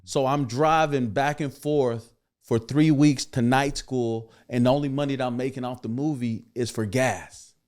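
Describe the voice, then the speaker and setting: A man's voice: mid-range voice, moderate pace. Middle-aged man telling a story. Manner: builds to loud excited bursts when acting out scenes. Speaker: guest. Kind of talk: animated storytelling.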